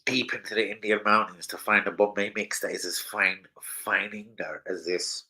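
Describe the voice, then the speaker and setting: A man's voice: on the low side, fairly even intonation, normal speed, low-quality recording. A man from London with a London accent, chatting on a live football stream and telling rowdy, swear-filled stories. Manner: loud, swearing storyteller, jumps into shouting. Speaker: football channel host. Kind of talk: casual live-stream chat.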